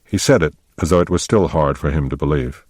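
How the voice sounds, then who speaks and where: A man narrating an audiobook in a measured storytelling manner. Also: extremely low pitch, darkish tone, dry recording, clean studio sound.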